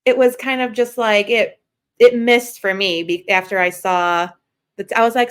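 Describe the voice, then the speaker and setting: A woman's voice: mid-range voice, fairly even intonation, clean tone. A woman guest on a podcast, chatting casually and agreeing readily with the host. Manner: agreeable, chimes in with quick affirmations. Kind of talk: casual chat.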